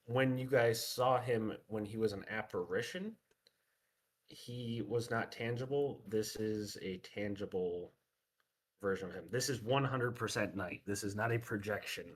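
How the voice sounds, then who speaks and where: Husky-voiced man running a tabletop game. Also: lowish voice, a little slow. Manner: casual, many fillers like "like". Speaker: game master.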